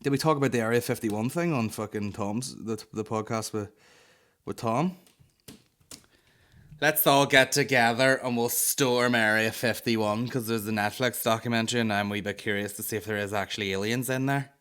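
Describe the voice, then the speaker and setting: A man's voice: lowish voice, steady tone, normal speed, a bit bright. A man with a Northern Irish accent hosting a comedy podcast, telling sweary, rambling stories and slipping into put-on voices. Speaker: podcast host. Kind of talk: casual comedy monologue.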